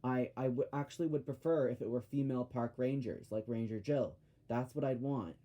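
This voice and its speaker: A man talking through a casual episode review in a mellow, rather dark voice. He rambles and rants, backtracks mid-sentence and fixes his own slips as he goes. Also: medium pitch, a little fast. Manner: rambling, ranting, self-correcting.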